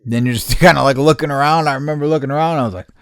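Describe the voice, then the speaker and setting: A podcast host with a mid-range voice races through a rambling, profane story in a casual monologue, laughing as he goes and acting out his own shouts. The tone is clean, and the studio sound has no room noise.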